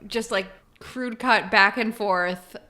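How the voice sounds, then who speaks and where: A woman co-hosting a podcast, retelling film scenes in an animated, giggly way. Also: mid-range voice, takes it slowly. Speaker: podcast co-host. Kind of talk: casual film discussion.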